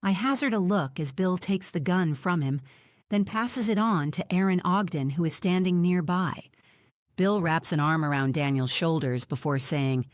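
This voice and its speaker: Woman, audiobook narrator, first-person, low-ish voice, dry close mic. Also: normal speed, dry recording.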